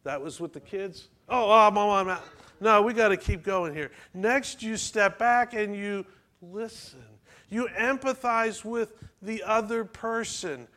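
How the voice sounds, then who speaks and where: A man's voice: high-pitched, unhurried, pushed and bright. A man preaching a sermon in a church, talking conversationally and asking the congregation questions. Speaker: pastor.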